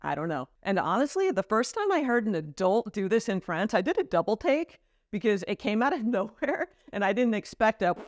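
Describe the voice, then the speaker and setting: A woman's voice: mid-range voice, sing-song, a little fast, dry recording, clean studio sound. An American woman in her thirties, chatting lightly and explaining things in a casual vlog to camera. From United States. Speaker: vlogger. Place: home in France.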